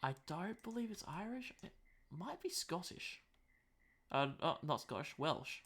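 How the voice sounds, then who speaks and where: Bright-voiced Australian man streaming casually. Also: high-pitched, very animated, unhurried. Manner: chatty, self-deprecating, mutters to himself. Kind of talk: casual live-stream commentary while map making.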